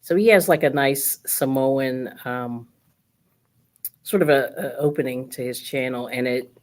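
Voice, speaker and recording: A woman's voice: rumbling low, measured pace. A woman hosting a casual crafting livestream, chatty and laughing often as she tells stories. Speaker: livestream host. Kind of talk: casual group chat while crafting.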